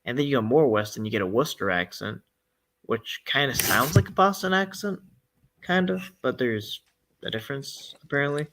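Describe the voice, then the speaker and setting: A man's voice: mid-range voice, animated, normal speed, a bit bright. A young man from Massachusetts co-hosting a podcast in casual chat, rambling through tangents and laughing often.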